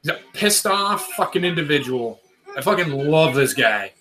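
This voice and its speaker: A man's voice: on the high side, expressive, normal speed, sharp tone, rough recording. A young man hosting a casual wrestling watch-along, blunt and enthusiastic, swearing constantly. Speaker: host watching wrestling with viewers.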